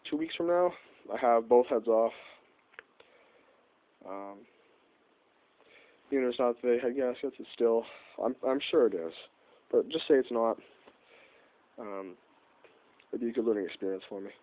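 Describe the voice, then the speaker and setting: Young male vlogger, nasal from a cold, rambling and self-correcting, tinny lo-fi audio. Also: mid-range voice. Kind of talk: casual car-repair vlog.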